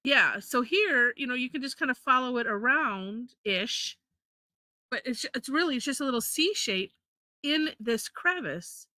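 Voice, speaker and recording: Woman, drawing teacher, chatty, restarts sentences, bright voice, fairly high, dry sound. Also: lively intonation, unhurried, no echo. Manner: chatty, self-correcting, laughs often. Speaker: drawing instructor. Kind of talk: live online drawing lesson.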